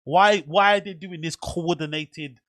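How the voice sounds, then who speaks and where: A man's voice: high voice, a little slow, fairly bright tone, dry recording. Blunt, swearing man reacting. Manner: blunt, profane, incredulous ranting. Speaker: reaction video host. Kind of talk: casual reaction commentary.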